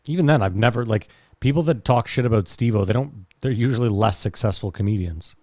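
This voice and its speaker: A man's voice: fairly low pitch, a little fast, dark tone, no echo, studio quality. A man co-hosting a podcast in casual chat, blunt, profane and teasing. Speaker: podcast co-host.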